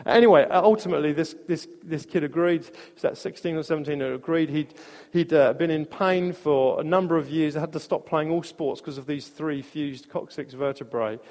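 A man preaching a sermon, telling a story in a conversational way with restarts and soft laughs. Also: a little high, normal speed, hardly any pauses. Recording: long reverb of a large hall.

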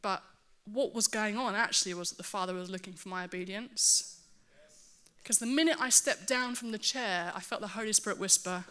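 A woman preaching a sermon to her church, earnest and animated, with self-mocking asides. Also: mid-range voice, fairly quick.

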